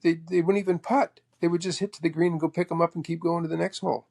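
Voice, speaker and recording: A man in his sixties from Canada, a guest telling animated anecdotes and acting out both sides of old conversations. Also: on the high side, fast, creaky. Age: 60s. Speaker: guest, golf professional. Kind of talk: casual storytelling chat.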